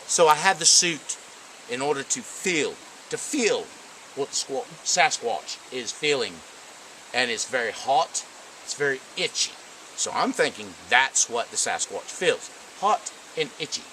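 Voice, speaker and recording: A man's voice: mid-range voice, lively intonation, unhurried, sharp tone, a little hiss or hum, poor audio. A man playing a pompous, touchy self-styled male Sasquatch expert in an improvised comedy, recorded outdoors on a camera mic. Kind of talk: improvised comedy role-play. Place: outdoors in the woods.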